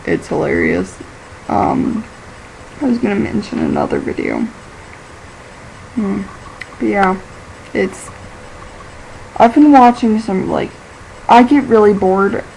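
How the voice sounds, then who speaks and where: A teenage girl rambles through a casual vlog with a gravelly, creaky edge to her mid-pitched voice. She drifts from thought to thought, piling up "like" and breaking into easy laughs. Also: darkish tone, slight background noise, low-quality recording. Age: teens. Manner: chatty and scattered, fills every pause with "like", laughs easily. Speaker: vlogger.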